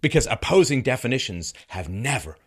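Speaking fairly quickly in a slightly rough voice, this middle-aged man offers mocking, sardonic commentary on his targets. Laughter bursts out now and then, and his pitch rises and falls with energy.

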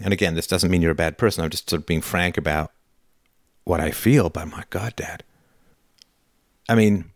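A man's voice: deep voice, no room sound, studio quality. A man hosting a call-in show, playing a son who confronts his father in a heated, emphatic and sarcastic way, swearing as he goes. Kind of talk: call-in show role-play.

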